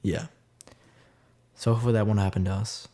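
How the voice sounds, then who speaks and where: A man hosting a casual tech podcast, lively and quick to jump between points. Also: on the low side. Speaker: podcast host.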